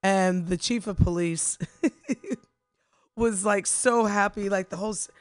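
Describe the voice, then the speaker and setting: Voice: mid-range voice, takes it slowly, no echo. A podcast co-host chatting casually, rambling with lots of fillers and restarts. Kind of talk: casual chat.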